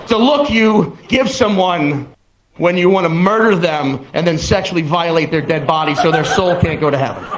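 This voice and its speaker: A young man doing stand-up, telling an animated story and laughing through it. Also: on the high side, moderate pace. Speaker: stand-up comedian. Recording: roomy stage sound with background noise.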